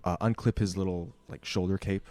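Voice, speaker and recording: A man with a very deep voice plays a tabletop game. He speaks softly and haltingly. Faint music sits underneath. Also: steady tone. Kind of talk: casual play at the table.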